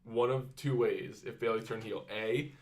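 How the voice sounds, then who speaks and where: A man co-hosting a casual podcast, talking excitedly, acting out quotes and laughing often. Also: lowish voice, moderate pace. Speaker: podcast co-host. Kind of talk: casual chat.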